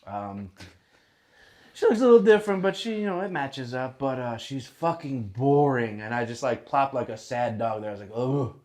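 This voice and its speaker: A young man of ordinary, mid-range pitch spins a bar story for a podcast. He is loose, profane and quick to laugh, and he slips into the voices of other people as he tells it. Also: a little mellow. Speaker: podcast guest. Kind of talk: casual storytelling chat. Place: podcast studio.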